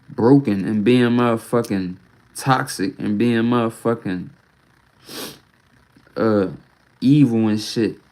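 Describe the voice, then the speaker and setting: A man's voice: medium pitch, a little mellow, low-quality recording. Man ranting live from home on his phone, rambling and cussing, closes nearly every line with "bruh.". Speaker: livestreamer. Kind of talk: casual livestream venting.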